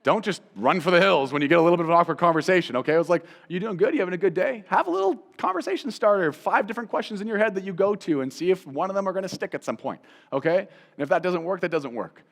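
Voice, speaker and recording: Talking fast in a high, creaky voice inside a large hall, a man hosts a Christian teaching show as its Bible teacher. His delivery is animated and chatty, with repeated phrases for emphasis and direct questions to listeners.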